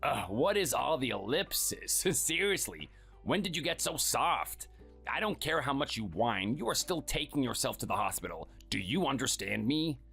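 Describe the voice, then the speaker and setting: A man's voice: sing-song, moderate pace, gravelly, bright, forceful tone, breathy edge, soft background music, heavily acted. A man playing a scornful, bossy husband who belittles his spouse, in a dramatized story. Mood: dismissive. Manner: sneering and dismissive, low and clipped.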